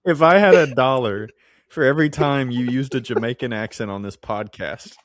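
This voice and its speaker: A man's voice: medium pitch, moderate pace, dry recording. A man co-hosting a casual Bible-study podcast. He rambles, stops to restart his sentences, and breaks into laughter often. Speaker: podcast co-host.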